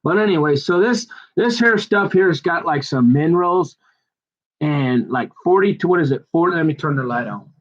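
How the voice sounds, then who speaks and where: A middle-aged man chatting away in a loose, digressive ramble full of folksy phrasing. His voice sits a little higher than most men's. The recording is dull and lo-fi. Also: lively intonation, moderate pace. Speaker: vlogger. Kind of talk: rambling casual chat.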